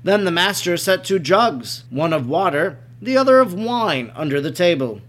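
A man narrating a devotional text in a measured, even reading. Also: high-pitched.

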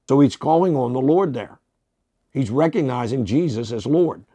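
A man's voice: medium pitch, moderate pace, dark tone, husky, no echo. A man, a pastor teaching the Bible on a podcast, reading verses aloud and commenting with fillers and self-corrections.

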